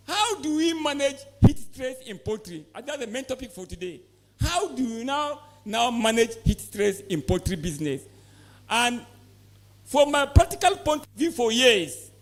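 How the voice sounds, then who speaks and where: Nigerian man, very high voice, emphatic conference talk, quizzes the crowd. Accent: Nigerian English. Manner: emphatic, quizzes audience with repeated questions. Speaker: poultry expert presenter. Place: conference hall.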